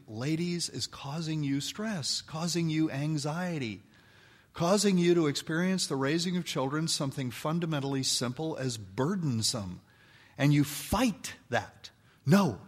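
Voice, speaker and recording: An older man giving a folksy, animated talk to an audience of mothers, acting out the voices in his stories. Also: mid-range voice. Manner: folksy, animated storytelling, acts out quoted voices. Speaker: speaker addressing an audience of mothers. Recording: long hall reverb.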